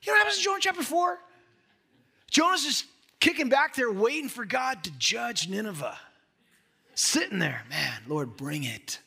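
A man's voice: very high-pitched, very animated, moderate pace, creaky, pauses often, bright, forceful tone, slightly rough. A man pastor delivering a sermon in an emphatic, conversational way, addressing the listeners with direct questions.

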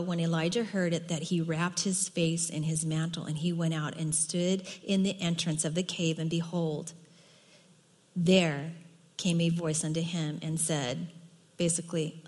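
A middle-aged woman teaching a women's Bible study in an earnest, emphatic way, dropping soft for quoted words. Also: fairly low pitch, steady tone, a little slow. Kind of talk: sermon. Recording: long hall reverb.

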